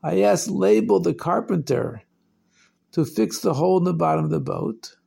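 A man's voice: sits high, animated, normal speed, creaky, mellow, breathy edge, exaggerated voice. A man voicing a frantic, worried father who exclaims in alarm and relief. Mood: relieved, excited. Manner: anxious, exclaiming.

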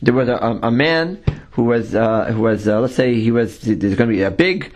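A man teaching a religious lesson, speaking in a halting way with many fillers and restarts. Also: mid-range voice, a little mellow. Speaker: Torah teacher.

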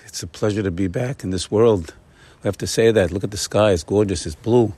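Male Torah teacher, lower-pitched, informal exhortation with emphatic bursts. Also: a little fast, husky, no room sound. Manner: warm repetitive exhortation, often saying "my friends"; animated, rising bursts of emphasis. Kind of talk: informal morning Torah talk.

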